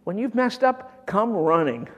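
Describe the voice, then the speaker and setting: A man preaching a sermon with great passion, swinging from loud bursts down to near whispers. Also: sits high, big pitch swings, a little slow, long reverb tail.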